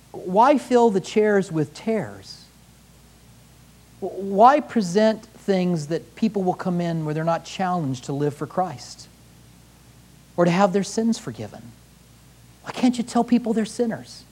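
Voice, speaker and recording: Male pastor, fervent sermon, high voice, swooping delivery, rhetorical questions. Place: church.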